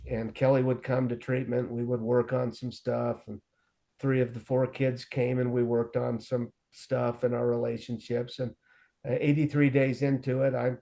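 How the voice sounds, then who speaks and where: Middle-aged guy, warm mellow voice, frank and kinda self-deprecating, telling his story. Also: medium pitch, little pitch movement, moderate pace. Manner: self-deprecating humor, frank and plain-spoken. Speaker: guest sharing his recovery story. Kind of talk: candid personal storytelling.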